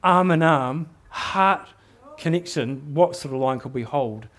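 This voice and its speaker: A man's voice: fairly high pitch, unhurried, a bit bright. A middle-aged man with a New Zealand accent preaching a sermon in an earnest, exhorting way, often repeating words as he builds a point.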